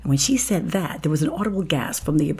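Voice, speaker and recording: A woman telling a story as a podcast guest, acting out each voice and sinking to a whisper at times. Her voice sits low, with a gravelly fry and a husky grain. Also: fast, mellow. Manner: vivid storytelling, acts out voices, drops to a whisper. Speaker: guest actress.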